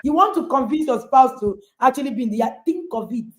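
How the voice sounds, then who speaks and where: A woman's voice: sits high, expressive, a little fast. A woman, a parenting coach hosting and speaking emphatically to listeners over a video call. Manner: emphatic, rhetorical questions. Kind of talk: motivational talk to listeners.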